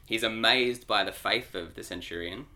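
A man co-hosting a church podcast and unpacking scripture for listeners. His voice is strikingly bright and forceful, sitting somewhat low. He explains with animated, teacherly energy. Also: normal speed. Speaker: Bible teacher. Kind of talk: podcast discussion.

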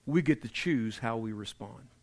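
A man preaching a sermon, emphatic and repetitive, dropping low and quiet to drive points home. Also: normal speed. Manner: emphatic preaching, repeats key phrases, drops to quiet for emphasis. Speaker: pastor.

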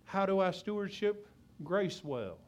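Passionate pastor preaching loud and fast. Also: male voice, lively intonation. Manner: loud, fast, passionate preaching with sudden drops to a low, quiet voice. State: out of breath. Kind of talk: sermon.

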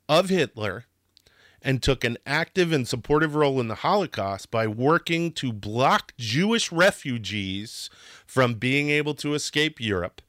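A man's voice: medium pitch, fairly bright tone, dry recording, studio quality. A man hosting a history talk, telling it in a casual, passionate way that sometimes gets worked up, with restarts and a swear now and then. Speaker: history podcast host.

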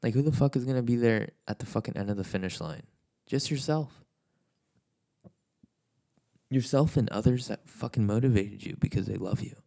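A man's voice: fairly low pitch, quick pace, vocal fry, few pauses, warm tone. A man giving a blunt, profane motivational rant, swearing constantly and repeating himself.

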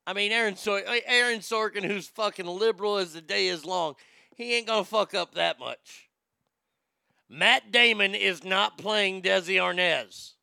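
A man's voice: high-pitched, a little slow, creaky, sharp tone, clear, resonant tone, no echo, clean studio sound. A man ranting casually about movies, profane and rambling, reading out viewer comments as he goes.

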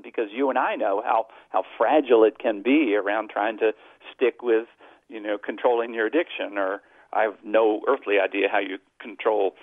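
A man's voice: medium pitch, dry recording. Earnest man on a tinny phone line. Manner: earnest, explains with stories. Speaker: guest psychologist and author. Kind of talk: radio interview over the phone. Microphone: telephone.

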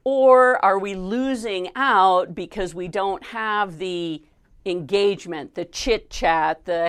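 A woman's voice: on the low side, fairly even intonation, takes it slowly, clean tone. A woman hosting an interview who asks long, thoughtful questions. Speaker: interview host. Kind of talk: conversational interview.

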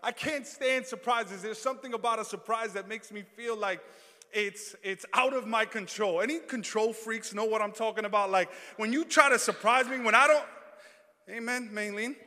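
Very high, bright-voiced preacher. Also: male voice, moderate pace. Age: 30s. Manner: humorous storytelling building to shouted preaching. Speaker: pastor. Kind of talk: sermon. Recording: long reverb in a hall.

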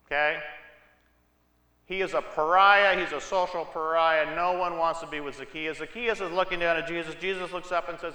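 A man's voice: a little high, fairly even intonation, fairly quick, sharp tone. A man preaching a sermon, telling Bible stories in a conversational way with asides to the congregation. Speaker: pastor. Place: church sanctuary. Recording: echoey church hall.

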